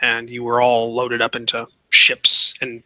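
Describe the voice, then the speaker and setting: A man's voice: mid-range voice, completely flat delivery, measured pace, sharp tone, no echo. A man acting as game master in a casual tabletop role-playing session, often repeating and restarting his phrases. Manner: repeats himself, restarts sentences.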